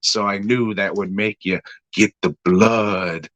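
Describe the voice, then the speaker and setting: A man's voice: on the low side, steady tone, slow pace, fairly bright tone, no room sound, highs cut off. A man voicing a smug, crooked middle-aged boss who gloats. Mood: gloating. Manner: gloating and sneering.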